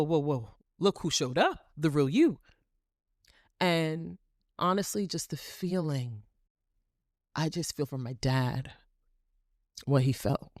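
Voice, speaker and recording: A woman with a low voice hosts an inspirational podcast monologue. She tells stories animatedly, repeating phrases for emphasis. The sound is dry and close. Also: a little mellow, no room sound. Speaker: podcast host.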